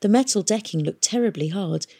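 A woman reading a novel aloud in a steady, measured storytelling manner. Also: medium pitch, vocal fry, breathy edge. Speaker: audiobook reader. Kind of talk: audiobook narration.

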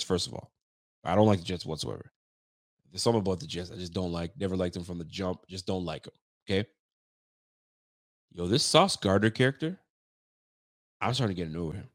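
A man hosting a casual sports talk livestream, swearing freely and getting worked up, his voice jumping high when he's fired up. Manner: animated, profane trash talk; pitch swings up when fired up. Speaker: sports talk show host.

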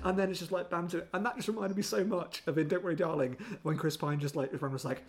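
A man co-hosting a casual film review podcast, animated and mocking, sometimes breaking into impressions. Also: a little high, fast. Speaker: podcast co-host.

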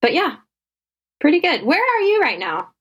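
A woman's voice: high-pitched, huge pitch swings, moderate pace, a bit bright, poor audio. Upbeat woman interviewer, friendly casual host. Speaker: podcast host.

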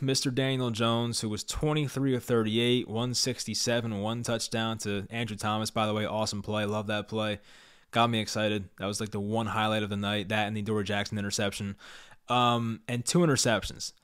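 A man's voice: fairly low pitch, fairly bright tone, clear, resonant tone. A young man from New Jersey giving a fan reaction rant about his team, sarcastic and exasperated, often repeating himself. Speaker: sports fan vlogger.

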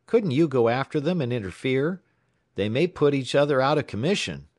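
A man's voice: mid-range voice, lively intonation, moderate pace, darkish tone, no echo, studio quality, voice pushed up, natural voice. A man voicing a worried male railroad timekeeper who talks urgently. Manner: urgent, pleading.

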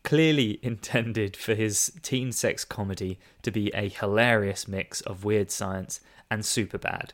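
Low-voiced male co-host, relaxed film chat, theatrical when reading quotes. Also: unhurried, few pauses. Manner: reads reviews aloud with mock emphasis, laughs often. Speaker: podcast co-host. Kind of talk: casual film review chat.

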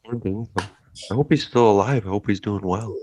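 A man in casual chat, throwing in playful, quick remarks. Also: lowish voice, a little mellow, breathy edge, dry recording.

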